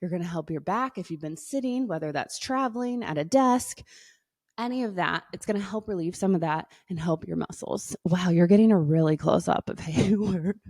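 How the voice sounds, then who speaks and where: A woman wellness coach leading stretches and guided breathing, playful and upbeat at first, then slow and soothing. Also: fairly low pitch, mellow, dry recording, studio quality. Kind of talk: exercise and guided breathing instruction.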